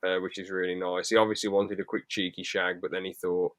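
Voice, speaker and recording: Male podcast co-host, slightly low voice, loose rambling chat, dry recording. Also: little pitch movement, a little fast, fairly bright tone, no room sound. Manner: rambling, sweary, jokey asides. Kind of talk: casual chat.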